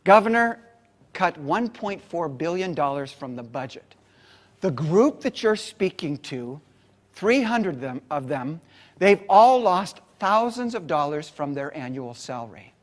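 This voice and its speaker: A man quoting a female conference organizer who delivers bad news softly and hesitantly. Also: sits low, very animated, measured pace, exaggerated voice. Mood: matter-of-fact.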